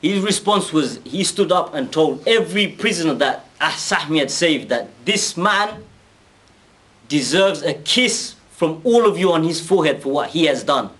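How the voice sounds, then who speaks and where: A man casually retelling a story, animated, acting out quoted speech and often restarting his sentences. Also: fairly high pitch, normal speed.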